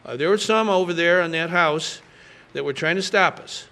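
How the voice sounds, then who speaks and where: An older man fielding reporters' questions at a press gaggle, his voice bright and forceful. He talks in an emphatic, folksy way, often pausing on fillers as he makes his case. His pitch sits a little above the usual for a man. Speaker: state governor. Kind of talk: press conference answers.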